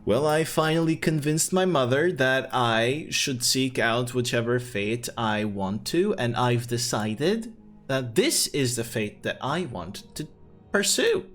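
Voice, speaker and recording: A man voicing a brash, teasing young woman who is the hero's best friend, in a high put-on voice during a tabletop game. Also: animated, slow pace, soft background music. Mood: earnest. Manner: loud, mocking, high put-on voice.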